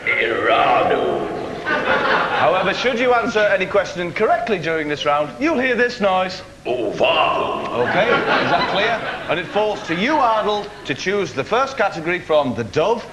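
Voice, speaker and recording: A man's voice: sits high, sing-song, normal speed. A man hosting a comic quiz show, announcing in a playful, mock-dramatic way. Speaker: game show host. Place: TV studio. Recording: echoey studio with loud noise.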